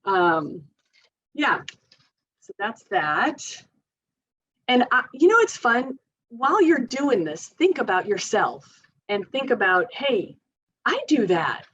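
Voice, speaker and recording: A woman's voice: fairly high pitch, sing-song, takes it slowly, long pauses, fairly bright tone, husky, lo-fi sound. A woman occupational therapist giving an informal training talk to parents, chatty and loose, with many fillers and frequent small laughs.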